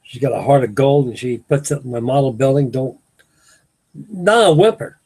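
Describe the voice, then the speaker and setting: A man's voice: medium pitch, steady tone, brisk, warm tone, husky. An older man, rambling folksily as host of a late-night live chat with his viewers. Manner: folksy, meandering, restarts sentences. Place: home at night.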